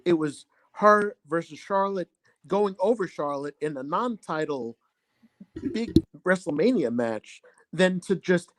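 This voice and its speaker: A man co-hosting a casual wrestling podcast. His voice is high, and he argues his opinion while softening it with small hedges. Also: animated, a little slow, no echo. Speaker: podcast co-host.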